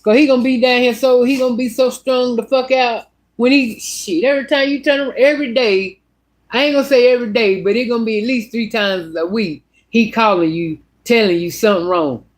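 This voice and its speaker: A woman's voice: on the high side, brisk. Blunt, profane woman telling a story. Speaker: vlogger. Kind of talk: casual storytelling monologue.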